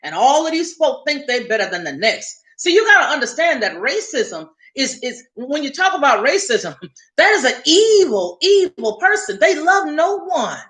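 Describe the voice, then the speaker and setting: A woman's voice: high voice, big pitch swings, moderate pace, a bit bright, reverberant. A woman hosting a casual livestream, talking emphatically and repeating points for effect. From Southern United States. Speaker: livestream host.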